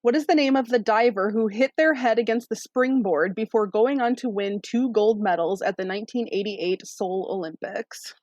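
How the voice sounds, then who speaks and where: Brisk woman quiz host, dry sound. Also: mid-range voice, a little mellow, dry recording. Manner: brisk, upbeat quizmaster. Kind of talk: reading trivia questions.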